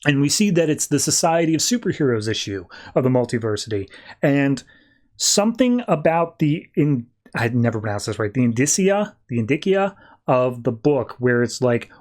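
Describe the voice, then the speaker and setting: A man's voice: mid-range voice, expressive, moderate pace. A man hosting a podcast, loosely recapping comic book plots in casual chat, full of filler words. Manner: loose and rambling, heavy on "like" and "uh" fillers. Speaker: podcast host.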